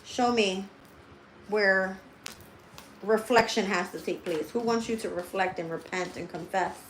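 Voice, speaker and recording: A woman's voice: mid-range voice, a little slow, echoey room, a little hiss or hum, poor audio. A woman giving a livestream tarot reading. She talks straight to her viewers, blunt and heavily profane, and thinks aloud as she turns the cards. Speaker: tarot reader.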